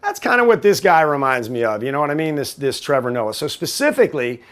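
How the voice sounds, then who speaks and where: A man's voice: on the high side, big pitch swings, fast talker, a bit bright. A man hosting a call-in talk show, ranting with sarcasm and rambling through many restarts. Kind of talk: opinionated political rant.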